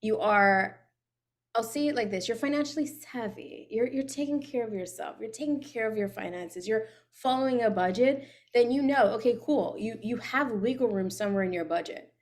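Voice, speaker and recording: A woman's voice: a little high, moderate pace. A woman guest on a podcast, a personal finance coach giving frank, practical advice in casual interview talk.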